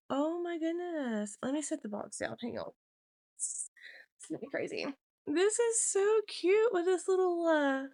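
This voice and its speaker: A woman hosting a crafts video, chatting casually and gushing with warm emotion over each item. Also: medium pitch, gravelly. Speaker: podcast host. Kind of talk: casual chat to camera.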